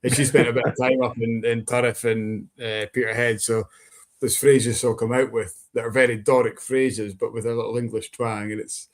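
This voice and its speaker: A man hosting a relaxed video call chat, easygoing and encouraging with his guest. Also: mid-range voice, normal speed. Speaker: host.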